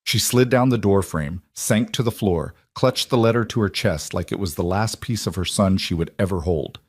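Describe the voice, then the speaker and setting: Low, somber male storyteller. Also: normal speed, a little mellow, husky, no room sound, studio quality. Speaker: narrator. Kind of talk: scripted storytelling voice-over.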